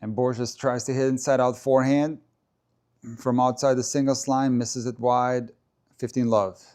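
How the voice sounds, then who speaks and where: A man's voice: medium pitch, level tone, a little slow, darkish tone, clean tone. Man hosting a chatty live tennis stream. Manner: chatty, stops to answer viewer comments and try out name pronunciations. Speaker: live stream host reacting to a tennis match. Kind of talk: casual live-stream commentary and chat reading.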